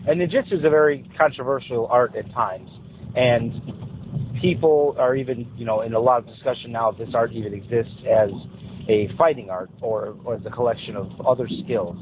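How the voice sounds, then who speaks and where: A man hosting an interview, asking his guest questions in a measured way. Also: mid-range voice. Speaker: podcast host. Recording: tinny phone-line audio with faint noise.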